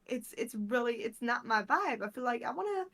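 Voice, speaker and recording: A woman's voice: fairly high pitch, expressive, moderate pace, gravelly, a bit bright. A woman with a German accent, a native German speaker, talking loosely and chattily as a podcast guest and swearing freely. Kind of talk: casual chat.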